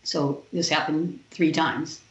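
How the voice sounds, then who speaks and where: A woman, a podcast guest, telling a personal story in an animated way and acting out the other people's lines. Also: low-pitched, slow pace. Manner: animated retelling with quoted voices. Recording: roomy, dull lo-fi sound.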